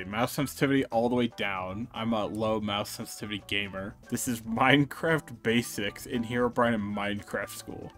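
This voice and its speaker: A young man narrating a let's play, joking around and reacting loudly to the game. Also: medium pitch. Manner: excitable, jokey, squeals when startled. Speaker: gaming YouTuber.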